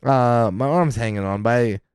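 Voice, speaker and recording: A man's voice: mid-range voice, measured pace, clean tone, no room sound, studio quality. A man co-hosting a podcast in casual chat, telling stories with plenty of swearing and laughter. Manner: animated storyteller, swears freely, laughs often. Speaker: podcast co-host. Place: podcast studio.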